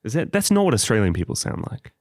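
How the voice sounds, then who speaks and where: A man's voice: medium pitch, very animated, fast, dry recording, studio quality. A man co-hosting a podcast in casual chat, bantering in a playful, giggly way. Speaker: podcast co-host.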